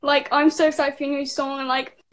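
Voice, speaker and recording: A woman's voice: high voice, little pitch movement, fairly quick, a little hiss or hum. A woman fan on a video call, starstruck and gushing. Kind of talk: excited fan chat.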